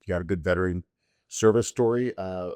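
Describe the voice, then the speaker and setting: A middle-aged man hosting a casual interview, asking quick, halting questions full of restarts. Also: deep voice, darkish tone, clear, resonant tone, no room sound. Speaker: host.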